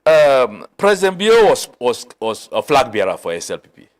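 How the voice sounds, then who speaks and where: A middle-aged man from Sierra Leone with a Krio accent, a political guest telling a story in an animated way, mixing Krio and English. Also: medium pitch, moderate pace. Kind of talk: political talk show discussion.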